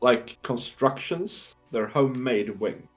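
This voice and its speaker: Slow and expressive, a mid-range male voice narrates as game master for a tabletop session, with faint music behind him. Descriptive passages are broken up by fillers, restarts, and throat-clearing between lines.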